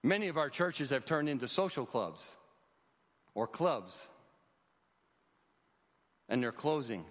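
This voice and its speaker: A man's voice: medium pitch, sing-song, takes it slowly, fairly bright tone. A man in his sixties, leading a rescue mission, telling a testimony in an earnest storytelling preacher's manner. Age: 60s. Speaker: rescue mission leader speaking at churches. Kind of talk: testimony talk in a church. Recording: long hall reverb.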